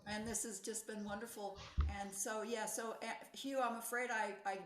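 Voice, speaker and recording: A woman's voice: on the high side, fairly even intonation, normal speed, fairly bright tone, reverberant, a little hiss or hum. A woman in her sixties, a pianist, giving a thoughtful talk, searching for words with fillers and restarts. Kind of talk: reflective lecture talk.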